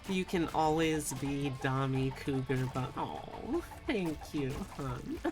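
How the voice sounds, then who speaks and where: A woman's voice: very deep voice, lively intonation, slow, over music. A woman streaming live, chatting with viewers in a playful, teasing, sultry way. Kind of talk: casual live-stream chat with chat readings.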